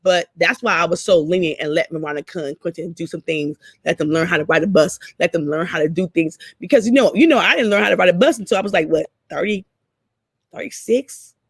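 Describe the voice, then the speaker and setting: A woman's voice: lowish voice, brisk, breathy edge, no room sound, clean studio sound. Candid middle-aged woman telling stories. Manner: candid, swears freely, animated retelling. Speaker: co-host. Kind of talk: casual story chat.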